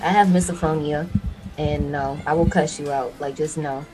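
Chatty young woman podcaster, low voice. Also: moderate pace, over music, poor audio. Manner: animated, laughs often, uses y'all. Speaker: podcast co-host. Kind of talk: casual chat.

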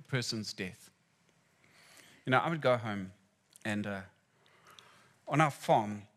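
A man from Zimbabwe preaching a sermon, telling personal stories and swinging between hushed and loud moments. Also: medium pitch.

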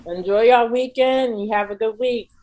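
A woman co-hosting a casual podcast, telling a funny story in an animated way and acting out her own panicked shouts. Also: on the high side, normal speed, low-quality recording. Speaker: podcast co-host.

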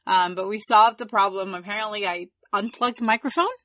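Female host, middle-aged, relaxed casual chat, dry close mic. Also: mid-range voice, fairly quick, dry recording. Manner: relaxed, reflective, with fillers. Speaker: podcast host.

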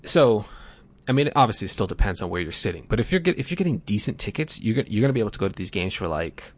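A low-voiced man in his late twenties talks sports with his co-host on a podcast. He explains the details carefully but stumbles and restarts his sentences often. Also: sing-song, fast. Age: late 20s. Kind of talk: casual chat.

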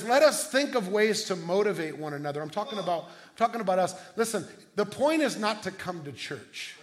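A middle-aged man preaching a sermon as pastor, telling stories in a conversational way with quick restarts. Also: high-pitched, fairly bright tone.

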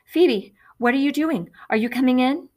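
A woman's voice: on the high side, big pitch swings, moderate pace, fairly bright tone. A woman voicing an anxious, fussy mother in a storybook reading, with a raised, worried, questioning tone.

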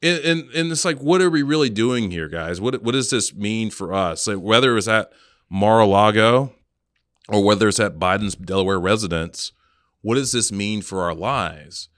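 A man co-hosting a podcast in casual chat, sarcastic and animated, laughing often. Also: lowish voice, moderate pace, no room sound, clean studio sound. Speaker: podcast co-host.

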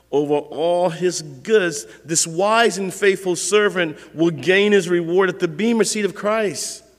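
A man with a high voice preaches a sermon in a loose, conversational way. He drops into small acted-out scenes to make his points. The sound carries a long reverb, like a large church hall. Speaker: pastor.

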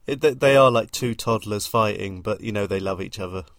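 Relaxed podcast co-host, dry sound. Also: sits low, fairly quick, dry recording. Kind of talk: casual chat about a film.

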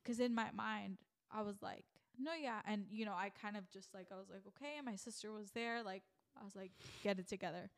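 Young female podcast host, lively storyteller who acts out her own thoughts. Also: mid-range voice, brisk, few pauses. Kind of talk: faith podcast conversation.

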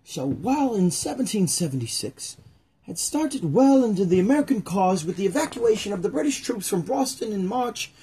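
A man's voice: sits high, very animated, normal speed, warm tone, slightly rough. A man hosting a podcast, retelling history in a loose, joking way full of puns and rambling asides. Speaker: podcast host. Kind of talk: casual comedic history chat.

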